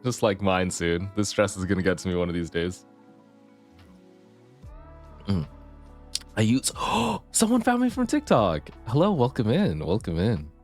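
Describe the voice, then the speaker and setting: Man with a deep gravelly voice. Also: sing-song, measured pace, long pauses, darkish tone, faint music behind. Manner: rambling, chatty, self-deprecating. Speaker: streamer. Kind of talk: casual live-stream chat. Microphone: desk mic, keyboard clicks audible.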